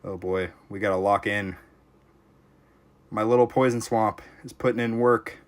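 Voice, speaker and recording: A young man streaming a tower defense game, casually chatting with his viewers and reacting out loud to close calls. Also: fairly low pitch, fairly even intonation, unhurried. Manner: reactive, talks to chat while playing, frequent exclamations. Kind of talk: casual live-stream commentary.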